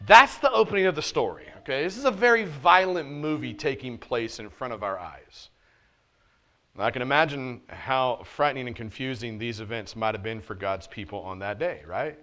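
A man pastor preaching a sermon to his church. His pitch sits in the middle, and he keeps shifting between loud, hard-pressed points and soft, low asides. He drops casual jokes and slang into the preaching. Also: lively intonation, normal speed. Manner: casual, joking street talk mixed with preaching. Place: church service.

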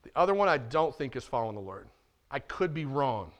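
A man's voice: medium pitch, very animated, fairly quick, a bit bright. A man preaching a sermon as pastor in a church, talking directly to his listeners and often asking rhetorical questions.

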